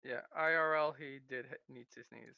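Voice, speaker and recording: A man's voice: medium pitch, steady tone, brisk, creaky, bright, forceful tone, clear, resonant tone, no echo. A man chatting while gaming, teasing and quippy. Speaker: player. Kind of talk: casual gaming chat. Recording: dull lo-fi mic.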